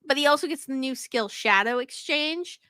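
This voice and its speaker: A woman's voice: sits high, animated, moderate pace, pushed and bright, no room sound. A young woman co-hosting a casual podcast, laughing often and swearing casually as she recaps the story. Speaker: podcast co-host.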